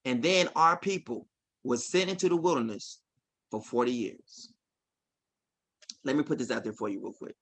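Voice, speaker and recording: A man in his forties delivers a livestreamed sermon in a somewhat high, sharp and forceful voice. He hammers his points home with repetition, sinking to near-murmurs before surging into loud declarations. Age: 40s. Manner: swings between quiet asides and loud emphatic declarations; repetitive, insistent cadence. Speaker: preacher. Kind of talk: livestreamed preaching.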